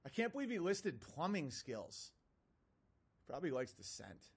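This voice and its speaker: A man's voice: a little high, wildly swooping pitch, moderate pace, creaky, husky. A man in his thirties hosting a livestream, reading out messages and mocking them bluntly. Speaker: livestream host.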